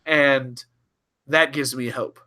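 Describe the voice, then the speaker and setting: A man's voice: mid-range voice, fairly even intonation, slow pace, bright, forceful tone. A man co-hosting a podcast in casual, rambling chat, swearing freely and often restarting. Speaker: podcast co-host.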